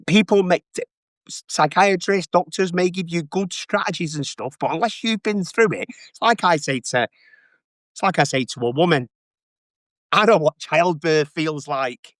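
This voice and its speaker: A man's voice: high-pitched, normal speed, a bit bright, no echo, studio quality. A man, talking candidly and with emotion as an interview guest, often repeating his phrases. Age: 40s.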